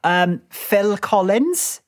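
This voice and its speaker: A man's voice: sits high, big pitch swings, very slow, dry recording, clean studio sound. A man playing a podcast quiz, casual and self-deprecating, often hesitating with fillers. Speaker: quiz contestant.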